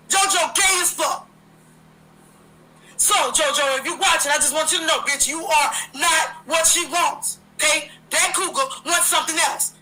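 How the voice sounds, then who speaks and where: A woman's voice: high voice, pushed and bright, low-quality recording. A woman hosting a livestream, delivering a heated, profane, confrontational rant full of repeated jabs. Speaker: livestream host.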